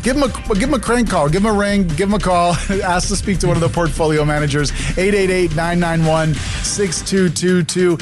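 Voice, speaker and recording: A man's voice: sits high, normal speed, hardly any pauses. Upbeat male radio host over music. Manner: upbeat, plugs the sponsor with a sing-song lilt. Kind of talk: radio talk show hosting. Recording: music bed behind.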